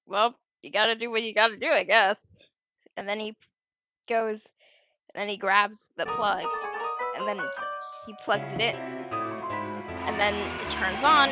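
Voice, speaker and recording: Slow, bright-voiced chatty woman. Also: a little high. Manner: chatty, giggly, full of restarts. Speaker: fan storyboard creator. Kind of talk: casual explanation of a storyboard. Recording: dull lo-fi recording.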